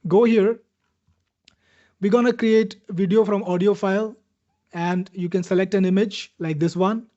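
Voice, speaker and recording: Indian-accented male webinar host, salesy and chatty, higher mellow voice, lo-fi sound. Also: steady tone, a little slow. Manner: chatty salesman, answers viewers by name. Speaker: webinar host demoing software. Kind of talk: live webinar product demo. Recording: dull lo-fi webinar audio.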